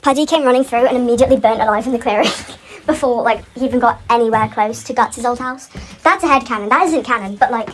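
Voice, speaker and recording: A woman's voice: fairly high pitch, quick pace, slight background noise, low-quality recording. A woman on a casual, rambling rant about a fan series, full of tangents and frequent laughter. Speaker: fan commentator.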